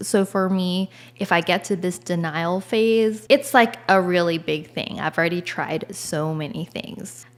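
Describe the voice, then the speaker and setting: A woman in casual personal talk, candid and chatty, full of "like" and "you know". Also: medium pitch.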